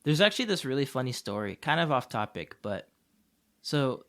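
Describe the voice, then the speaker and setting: A man's voice: medium pitch, big pitch swings, normal speed, fairly bright tone. Male podcast co-host, casual and rambling, mid voice. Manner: chatty storyteller, rambling with fillers. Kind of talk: casual chat. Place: Tokyo.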